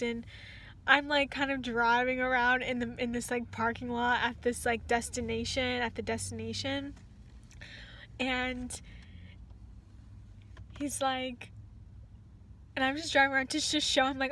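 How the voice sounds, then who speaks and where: A young woman tells a casual storytime, rambling through her words with plenty of fillers and restarts. Her voice sits high and sounds bright and clear, lifting when she quotes someone. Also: measured pace. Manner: rambling, many "like"s and restarts, quotes others in lively bursts. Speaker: rideshare driver telling a story.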